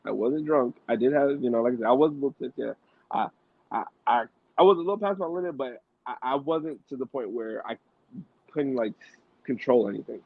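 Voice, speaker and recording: In a tinny, dry, phone-like recording without echo, a man hosting a podcast spins a casual, slang-heavy yarn, restarting often and filling gaps with filler words. His mid-range voice is animated and a little quick.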